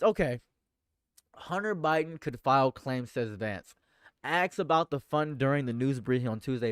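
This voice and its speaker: A man with a smooth, medium-pitched voice streams live political commentary, reading news aloud from a dry, studio-quality recording. Exasperated, he swings between shouting outrage and muttering, often repeating phrases, stammering, and restarting.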